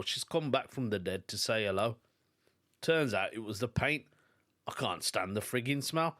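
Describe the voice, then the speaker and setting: A man's voice: medium pitch, fairly bright tone. British male podcast host, chatty solo rambler, mid-range voice. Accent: British English. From United Kingdom. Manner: chatty, rambling anecdotes with put-on quoted voices. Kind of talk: casual solo podcast chat.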